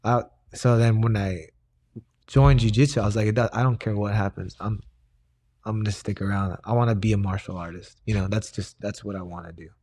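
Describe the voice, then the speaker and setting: A man's voice: lowish voice, fairly even intonation, a little fast, a little mellow. Brief: young male guest, loose chatty storyteller, lots of "like"s and restarts. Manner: rambling, many fillers and restarts. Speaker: guest, grappling coach and personal trainer. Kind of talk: casual conversational storytelling.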